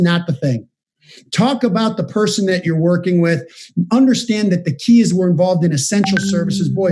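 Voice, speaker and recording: A man giving a direct, energetic motivational training talk, coaching his audience over a video call. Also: sits high. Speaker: business trainer. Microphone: video call setup.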